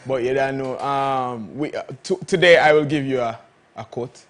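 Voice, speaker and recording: A man co-hosting a morning entertainment show, chatting casually and laughing often. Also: mid-range voice. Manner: playful, laughing often, drawn-out emphasis.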